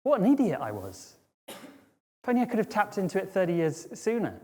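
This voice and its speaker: A man's voice: high-pitched, fairly quick. A middle-aged man giving a conversational storytelling talk on stage, often checking in with the audience. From Britain. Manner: lively, conversational, checks in with "right?" and "okay?". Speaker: speaker. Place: auditorium stage.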